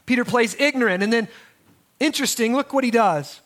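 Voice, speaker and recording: High bright-voiced male preacher. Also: fairly quick. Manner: conversational preaching with restarts and asides. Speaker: pastor. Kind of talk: sermon.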